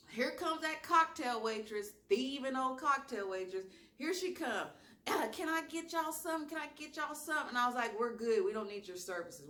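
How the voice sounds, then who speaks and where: A woman with a strong Southern accent, telling a wild story in a casual vlog with slang and lively asides. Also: mid-range voice. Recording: echoey room.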